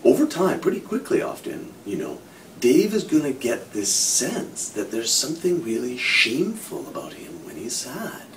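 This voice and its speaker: A middle-aged man, a psychologist, explaining ideas through imagined examples. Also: moderate pace. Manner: animated explaining with hypothetical examples, frequent "kind of". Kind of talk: explanatory talk to camera. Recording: from a distance, faint low rumble.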